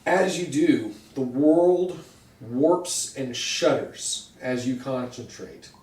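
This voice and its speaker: A man running a tabletop role-playing game as game master, narrating scenes dramatically and slowing down for effect. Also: medium pitch, darkish tone, far from the mic. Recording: roomy sound from off-mic, faint hiss.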